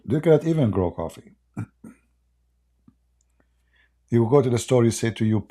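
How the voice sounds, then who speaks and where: A man hosting a casual livestream chat, mocking and sarcastic, with a voice going hoarse. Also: medium pitch, expressive, moderate pace, mellow. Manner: mocking, sarcastic banter with frequent laughter. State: hoarse, losing his voice. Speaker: livestream debate host. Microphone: close desk microphone.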